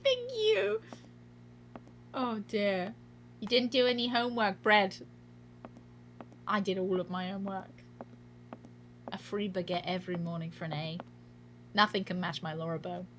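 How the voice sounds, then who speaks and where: A woman's voice: fairly high pitch, lively intonation, measured pace, pauses often, a bit bright, slight background noise. A woman streaming a game, chatting casually with a giggly, self-mocking manner. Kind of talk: casual gameplay commentary.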